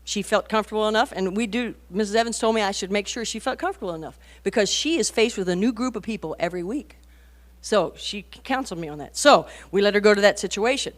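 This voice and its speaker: A women's conference speaker in her forties delivers a conversational sermon to mothers and teenagers, animatedly telling stories full of rhetorical asides that rise into emphatic bursts. She talks fast at a medium pitch.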